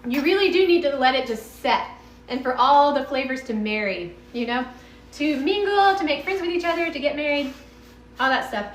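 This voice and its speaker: A woman's voice: high voice, expressive, moderate pace, roomy sound. A woman with a Texan accent chatting casually in her home kitchen during a live cooking stream, bubbly and meandering as she talks to viewers. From Texas.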